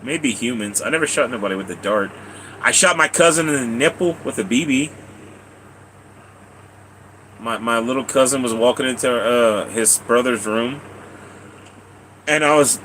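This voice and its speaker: A man's voice: medium pitch, fairly bright tone, slight background noise, low-quality recording. A man live streaming, telling long rambling stories to his chat, repeating himself, laughing and swearing casually.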